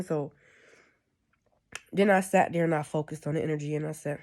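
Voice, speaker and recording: A woman's voice: low-pitched, steady tone, a little fast, long pauses, darkish tone. A woman giving a casual, rambling spiritual monologue, often checking in with "you know what I'm saying.". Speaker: spiritual speaker.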